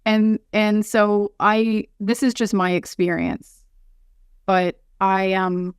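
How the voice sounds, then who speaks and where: A woman's voice: mid-range voice, little pitch movement, slow pace, clean tone, dry recording, clean studio sound. A woman guest on a podcast, speaking earnestly and from the heart, often restarting her sentences.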